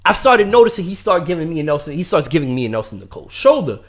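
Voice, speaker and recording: Animated profane New storyteller man. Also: fast talker. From Brooklyn, New York. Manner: animated, profane, swings from low mutters to loud outbursts. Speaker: podcast co-host telling a story. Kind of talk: casual storytelling chat.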